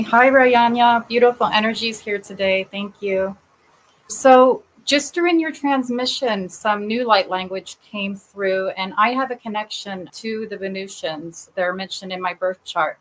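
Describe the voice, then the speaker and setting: A woman's voice: medium pitch, moderate pace, poor audio. A woman calling in to a spiritual talk show over an online meeting, politely and eagerly asking a question. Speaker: caller.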